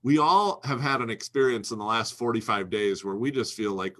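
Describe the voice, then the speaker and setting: A man's voice: medium pitch, fairly quick, bright, forceful tone. A man speaking as a guest, coaching financial advisors in an emphatic, instructional way and repeating his key phrases. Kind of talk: instructional talk to a host.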